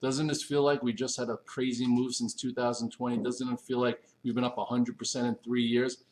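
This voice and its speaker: A man from Long Island, hosting a casual morning stock market livestream and giving energetic shout-outs to viewers. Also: medium pitch, fairly quick, slight background noise, low-quality recording. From Long Island, New York. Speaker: stock market show host.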